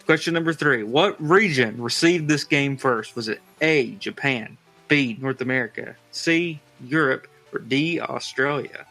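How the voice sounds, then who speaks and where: A man's voice: medium pitch, pushed and bright, soft background music, poor audio. Casual man hosting a trivia quiz. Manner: reads quiz options in a slow, drawn-out way. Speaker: podcast host running a trivia quiz. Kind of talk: casual chat.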